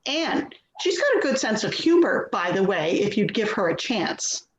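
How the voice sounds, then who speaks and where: In a readers theater performance, a woman plays Louise, a frustrated middle-aged daughter pleading with and coaxing her mother's caregiver in an exasperated, pleading mood. Her medium-pitched voice is sing-song at a moderate pace, lightly acted, with a roomy, muffled sound and slight background noise.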